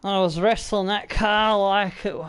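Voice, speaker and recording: An Australian man commentating his own racing game play, animated and swearing, talking to the car as he drives. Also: high voice, measured pace, clean tone, dry recording. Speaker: gaming video creator.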